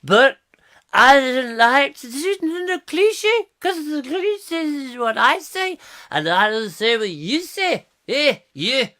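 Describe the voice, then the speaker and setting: A man's voice: extremely high pitch, very animated, slow pace, bright, forceful tone, pitched above the performer's own voice, exaggerated voice. A man putting on a Scottish accent to play a chummy, tipsy Glaswegian man who blusters and calls everyone Jimmy. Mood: mock-indignant.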